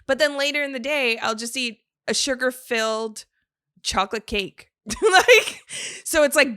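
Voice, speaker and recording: Bright giggly woman podcast co-host. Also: high-pitched, measured pace, no echo, clean studio sound. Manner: giggly, animated, rambling. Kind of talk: casual chat.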